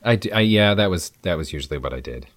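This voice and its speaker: Low-voiced man. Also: expressive, fast, no room sound, studio quality. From American Midwest. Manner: chatty, enthusiastic storytelling. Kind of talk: casual chat.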